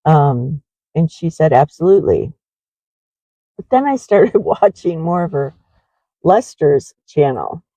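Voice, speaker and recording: A woman's voice: low voice, lively intonation, slow, pauses often, dark tone, slightly rough, no room sound, rough recording. A middle-aged woman who runs a horse ranch, rambling in a confessional way with many fillers in a casual walking vlog.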